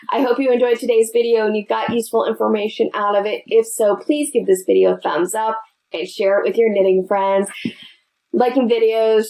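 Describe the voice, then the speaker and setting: A woman's voice: mid-range voice, warm tone, rough recording. A woman hosting a casual knitting tutorial, chatty and friendly, speaking straight to her viewers. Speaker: knitting video host.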